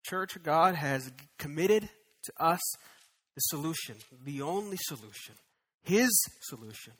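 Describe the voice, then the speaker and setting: Pastor, male, high bright voice, emphatic sermon delivery. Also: expressive, measured pace, breathy edge. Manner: emphatic preaching, rising to loud repeated declarations.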